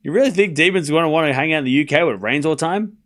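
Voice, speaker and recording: A man's voice: a little high, lively intonation, racing, a bit bright. A young Australian man streaming a tennis watchalong, calling scores and bantering with chat in a joking, sarcastic way. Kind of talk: live watchalong commentary and chat.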